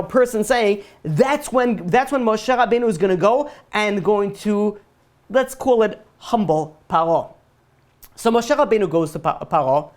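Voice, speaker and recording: A man teaching a casual Torah lesson as a rabbi, retelling the story with jokes and side tangents. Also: high-pitched. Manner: joking, digressive storytelling.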